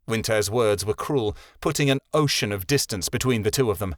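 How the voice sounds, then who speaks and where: A man's voice: fairly low pitch, fairly quick, hardly any pauses, no echo, studio quality. Man narrating a fantasy audiobook.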